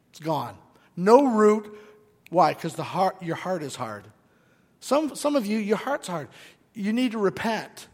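A male pastor preaching a sermon, animated, swinging from loud bursts to hushed asides. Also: high-pitched. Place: church sanctuary. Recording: long hall reverb.

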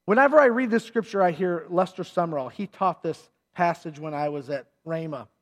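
A middle-aged man with a fairly high voice preaches to a congregation. He retells the story in an animated, conversational way and now and then acts out the shouts and lines of the people in it. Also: fairly quick. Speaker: pastor. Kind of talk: sermon.

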